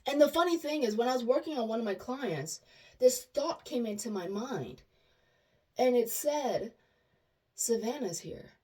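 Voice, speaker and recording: A woman's voice: a little high, unhurried, distant mic. A woman talks straight to camera in a loose, chatty monologue. She slips into the voices of the people in her stories and often restarts her sentences. Her voice sits a bit back from the mic. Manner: chatty and animated, acts out quoted dialogue, many restarts. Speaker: vlogger sharing personal stories. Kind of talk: casual storytelling monologue.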